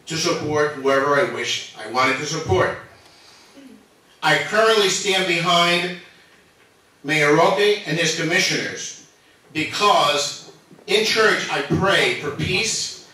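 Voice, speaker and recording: A nervous man with a somewhat high, bright voice delivers an earnest, emotional public statement at a meeting. He is picked up from a distance in a large, very echoey chamber. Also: a little slow. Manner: earnest, emotional, defending himself. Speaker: resident speaking at public comment. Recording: echoey hall from far off.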